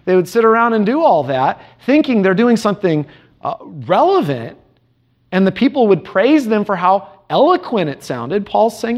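Animated, high-voiced male preacher. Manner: earnest, emphatic, rhetorical questions; reads scripture aloud in measured cadence. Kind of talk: sermon.

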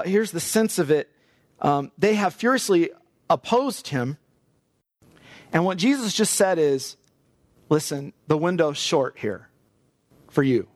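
Animated male preacher with lively pitch. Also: no room sound. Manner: animated, acts out quoted lines, laughs often. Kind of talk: sermon.

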